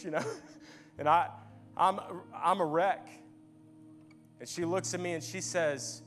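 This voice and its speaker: A man's voice: fairly high pitch, steady tone, slow pace, long pauses, fairly bright tone. A young man preaching a sermon, telling his own story earnestly, often restarting his words. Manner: earnest storytelling, repeats and restarts when emotional. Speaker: pastor. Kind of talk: sermon with personal testimony. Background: faint guitar music.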